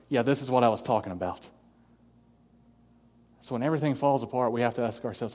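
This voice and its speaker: A man's voice: medium pitch, brisk, a little mellow. A man preaching an earnest sermon as pastor, acting out quoted voices as he goes. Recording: long hall reverb.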